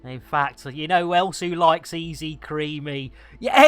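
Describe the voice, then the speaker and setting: A woman's voice: on the low side, lively intonation, measured pace, hardly any pauses, no room sound, soft background music. A woman chatting playfully and giggling with viewers on a live game stream, speaking into a headset.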